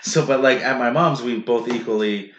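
A man's voice: mid-range voice, normal speed, fairly bright tone, highs cut off, slight background noise. A man hosting a podcast in loose, rambling chat, swearing freely and leaning on "like". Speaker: podcast host and comedian. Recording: roomy echo.

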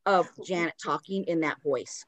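A woman with a sore throat hosts a podcast, telling a spooky story in a casual, animated way and using "like" a lot as filler. Her voice is low and her pace moderate.

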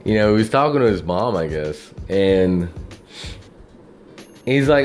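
A man's voice: lowish voice, lively intonation, unhurried, darkish tone, soft background music. A man talking to camera in a casual, rambling monologue, swearing often and filling his speech with "you know" and "like.". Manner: profane, meandering, full of fillers.

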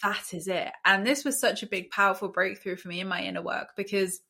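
A young woman from the UK, a guest on a podcast, talking in a chatty, animated way and often quoting her own thoughts aloud. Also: medium pitch, a little fast, gravelly. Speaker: podcast guest, law of attraction coach. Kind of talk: casual podcast interview.

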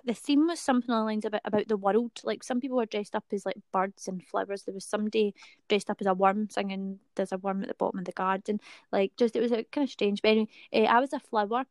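A woman's voice: mid-range voice, fairly even intonation, brisk, no room sound. Young scottish woman rambling in a casual chat, lots of likes and ums, dry close sound. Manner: chatty, many fillers.

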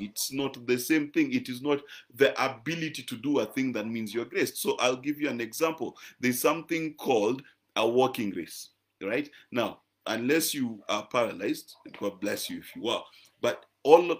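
A man, preaching a teaching sermon in an emphatic, conversational way and often checking in with "right?". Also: a little high. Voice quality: croaky voice. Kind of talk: teaching sermon to a live-stream audience.

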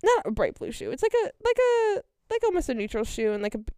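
Young woman, high gravelly voice, dry sound, animated casual storyteller. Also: fast talker, dry recording. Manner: animated storytelling with many fillers. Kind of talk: casual chat.

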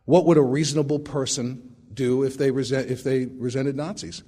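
A man's voice: mid-range voice, fairly even intonation, normal speed, mellow. A middle-aged man giving a personal recovery testimony, telling it in a wry, self-mocking way with frequent restarts. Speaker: recovery meeting speaker.

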